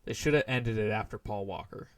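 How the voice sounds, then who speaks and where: A man's voice: lowish voice, a little fast. A young man co-hosting a casual podcast, laid-back and chatty, trailing off with fillers and laughing often. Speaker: podcast co-host. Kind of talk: casual chat.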